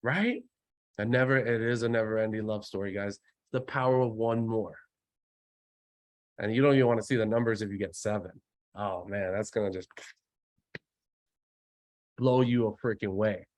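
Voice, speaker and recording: A man leading a live online sales training with preacher-like hype, calling out for hallelujahs and breaking into sudden shouts. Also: lowish voice, moderate pace, pauses often. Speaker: network marketing trainer.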